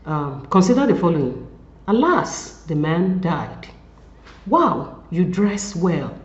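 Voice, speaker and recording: A woman giving a recorded study-session lecture, going deliberately through numbered points and spoken examples. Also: fairly low pitch, a little mellow. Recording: echoey, dull lo-fi room recording.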